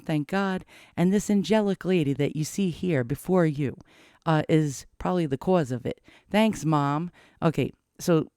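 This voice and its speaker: A man's voice: fairly high pitch, darkish tone, smooth, dry recording, studio quality. Anxious, swearing middle-aged man. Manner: rambling, profane, darkly joking. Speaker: vlogger. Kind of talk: casual confessional monologue.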